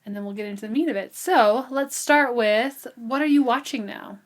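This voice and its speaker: A woman's voice: on the high side, normal speed. A woman co-hosting a book podcast in casual chat, chatty and giggly with lots of ums. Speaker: podcast co-host.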